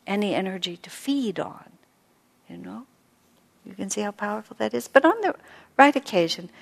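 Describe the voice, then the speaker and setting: A woman spiritual teacher giving a gentle storytelling talk to a live audience, full of soft asides. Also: on the low side. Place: hall with an audience. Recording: long hall reverb.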